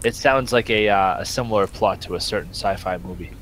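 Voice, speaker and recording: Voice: low-pitched, fairly quick, noisy background. A player in a tabletop game chatting casually about the group's plans. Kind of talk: casual chat.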